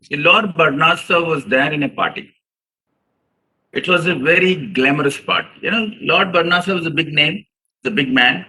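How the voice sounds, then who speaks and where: A man's voice: a little high, moderate pace, bright, forceful tone, poor audio. A man giving an earnest seminar lecture to fellow chartered accountants, telling stories and calling his listeners "sir". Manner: earnest, addresses audience as "sir", acts out quotes.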